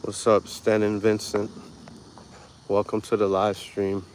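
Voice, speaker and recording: A man's voice: on the low side, completely flat delivery, measured pace, darkish tone, slight background noise. A man hosting a casual walk-and-talk live stream on an outdoor park path, chatting laid-back with viewers through a handheld phone.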